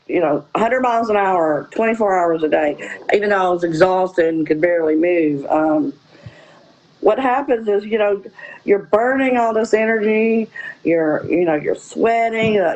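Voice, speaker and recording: A woman's voice: mid-range voice, darkish tone, dull audio. Rambling woman, lots of fillers. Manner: rambling, frequent "you know" fillers. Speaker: guest. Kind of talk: casual interview.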